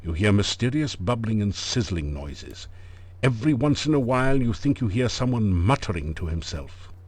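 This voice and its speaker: A wry adventure-game narrator who tells puns with mock gravity. His low voice swoops through a very lively range. The delivery is dry and knowing. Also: normal speed. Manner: dry, punning, mock-grave.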